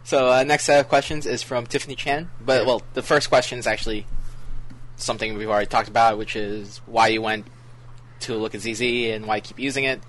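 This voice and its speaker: A man of medium pitch co-hosting a casual podcast. He asks the guest questions and throws in teasing asides. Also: fairly even intonation, a little fast, fairly bright tone, poor audio. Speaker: podcast co-host.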